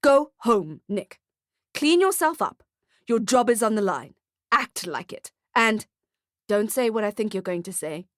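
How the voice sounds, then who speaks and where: A woman's voice: mid-range voice, animated, measured pace, no room sound, studio quality, natural voice. A woman voicing a weary male boss who scolds firmly in an audiobook. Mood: stern. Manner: firm, scolding.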